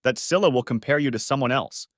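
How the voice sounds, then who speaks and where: A man reading a story aloud, voicing a calm, level-headed wife who asks thoughtful, probing questions. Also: medium pitch, fast, no room sound, studio quality, pitched above the performer's own voice, lightly acted.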